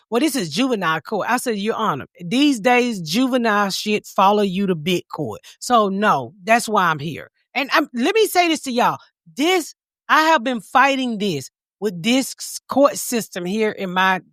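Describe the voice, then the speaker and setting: A woman podcast host telling a comedic story in a profane, animated way, laughing as she talks. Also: mid-range voice, normal speed, dry recording, studio quality.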